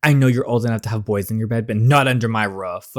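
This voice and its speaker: A man's voice: on the low side, quick pace, close to an everyday voice. A man reading a stern disapproving dad. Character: strict middle-aged father, disapproving.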